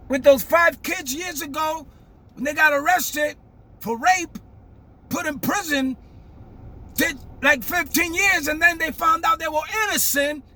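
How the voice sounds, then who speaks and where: An older man, giving a fiery, emphatic monologue that breaks into shouting. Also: very high-pitched. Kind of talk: impassioned monologue.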